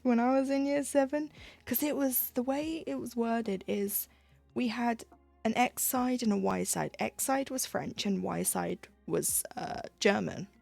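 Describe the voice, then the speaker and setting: A young woman tells meandering school stories in a relaxed, casual chat as she stitches on stream. Her voice is mellow and dark with a gravelly edge. Soft music plays faintly behind her. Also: fairly high pitch, measured pace. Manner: rambling storytelling with laughs and self-quoting. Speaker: livestreamer stitching cross-stitch. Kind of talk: casual chat while crafting.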